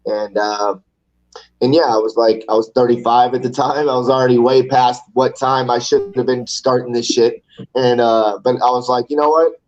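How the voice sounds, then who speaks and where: A man in his forties chats loosely as an interview guest, rambling and swearing casually. His voice sits at an ordinary middle pitch. The recording is a bit dull and lo-fi. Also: level tone, moderate pace, a little mellow. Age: 40s. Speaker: amateur MMA fighter, guest.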